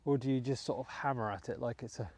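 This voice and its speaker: British bloke doing a metal detecting vlog outside, mellow voice, chatty, dry close sound. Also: male voice, medium pitch, quick pace, no echo. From United Kingdom. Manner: chatty, talks to viewers while working, muttering asides. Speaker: metal detecting channel host. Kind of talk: casual vlog commentary while digging. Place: outdoors in a wet field.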